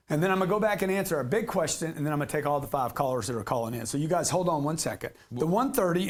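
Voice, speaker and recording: A man giving a live real estate seminar to an audience, brash and slangy, cracking jokes as he teaches. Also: on the high side.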